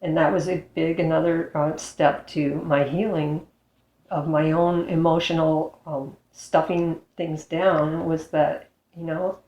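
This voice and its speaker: A woman who is a former highway patrol officer, frankly telling her personal story as an interview guest and acting out the dialogue she quotes. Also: slow pace, roomy sound, low-quality recording. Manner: frank, acts out quoted dialogue with lively shifts.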